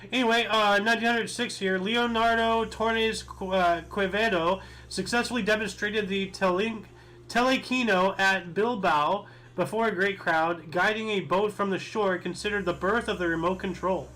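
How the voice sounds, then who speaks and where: A man's voice: high-pitched, moderate pace, bright, forceful tone, low-quality recording. A young man co-hosting a history podcast, reading dates with small stumbles and joking casually. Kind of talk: casual chat.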